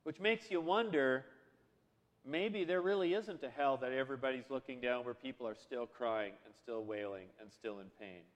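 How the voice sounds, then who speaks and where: A man's voice: mid-range voice, normal speed, big-room sound, lo-fi sound. A man preaching a sermon in a conversational way, full of rhetorical questions. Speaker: pastor.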